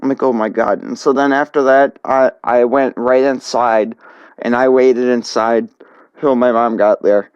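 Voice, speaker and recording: Young male storyteller, casual, stop-start delivery, mid pitch, muffled dry recording. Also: level tone, darkish tone, smooth, no room sound. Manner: halting, many restarts and fillers.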